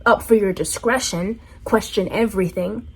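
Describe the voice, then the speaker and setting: A woman's voice: medium pitch, normal speed, slightly rough. A woman vlogger talking in an earnest, heartfelt way, repeating phrases for emphasis. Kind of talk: reflective personal monologue.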